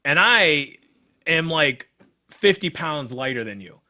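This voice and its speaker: A fairly high, animated male voice moves slowly with a sharp edge. On a casual podcast he co-hosts, this young MMA fighter rants about his career in the ring, blunt and full of profanity.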